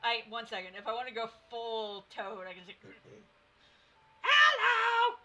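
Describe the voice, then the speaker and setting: A woman's voice: a little high, fairly even intonation, a little fast, fairly bright tone, soft background music, rough recording. A woman in her twenties, a streamer, chatting playfully and giggling while reading her own novel on a livestream. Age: 20s.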